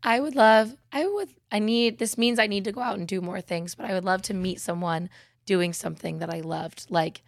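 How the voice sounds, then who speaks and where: A woman's voice: mid-range voice, moderate pace, vocal fry, no room sound, clean studio sound. A young woman co-hosting a podcast, chatting casually and playfully and swearing freely. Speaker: podcast co-host. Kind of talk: casual chat.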